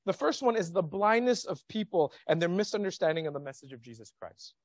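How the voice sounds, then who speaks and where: Animated male pastor preaching. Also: high voice, brisk, no room sound. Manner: animated, questioning the congregation. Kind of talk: sermon. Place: church sanctuary.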